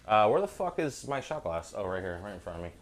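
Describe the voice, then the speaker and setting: A man's voice: on the low side, big pitch swings, quick pace, soft background music. A man hosting a casual livestream cooking show, rambling, swearing and mocking himself while he drinks. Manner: profane, rambling, self-mocking.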